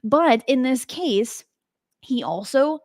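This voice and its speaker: Chatty higher-voiced woman, dry sound. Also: lively intonation, slow, darkish tone, dry recording. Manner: chatty and emphatic, asks the listener rhetorical questions. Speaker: host. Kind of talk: casual spoken narration of paranormal cases.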